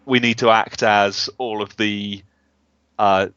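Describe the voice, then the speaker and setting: A man's voice: lowish voice, level tone, slow, a bit bright, clean tone, no echo, dull audio. A man casually chatting while playing a strategy game with his brother, reasoning his choices through at length. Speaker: co-op gamer. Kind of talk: casual gameplay chat.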